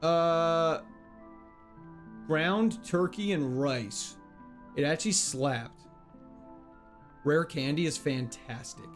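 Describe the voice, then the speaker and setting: A young man with a fairly high voice streams a game over soft background music, casually reading chat and answering it. He's playful and chatty, laughing quickly and slipping into jokey mock French.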